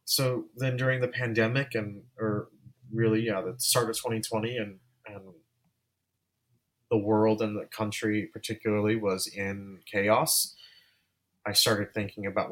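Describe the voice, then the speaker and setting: A man's voice: on the low side, level tone, a little slow. A man talking as an interview guest, a filmmaker speaking candidly and rambling with frequent restarts. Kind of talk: casual interview chat.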